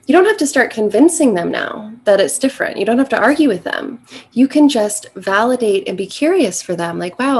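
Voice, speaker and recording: A woman's voice: a little high, darkish tone, slight background noise. A middle-aged woman, a relationship coach, giving earnest, encouraging advice straight to the viewer. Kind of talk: direct-to-camera advice talk.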